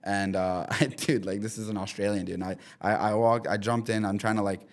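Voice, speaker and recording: Young guy on a podcast, lowish voice, rambly animated storytelling, lots of likes and ums. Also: brisk. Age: 20s. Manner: animated storytelling with many fillers. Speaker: podcast guest. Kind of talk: casual chat. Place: studio in the city.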